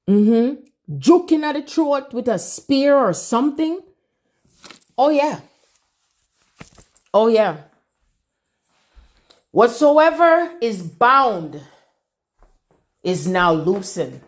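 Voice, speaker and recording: A woman channels a spiritual message, repeating phrases like an incantation and swinging from loud declarations to near-whispers. Her voice is a little high and animated, slow-paced, with long pauses.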